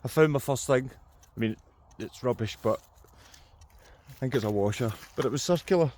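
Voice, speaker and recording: A man's voice: mid-range voice, moderate pace, a little mellow. A Scottish man hosting a casual outdoor vlog, joking, teasing and laughing readily. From Scotland. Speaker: channel host. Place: outdoors in a field.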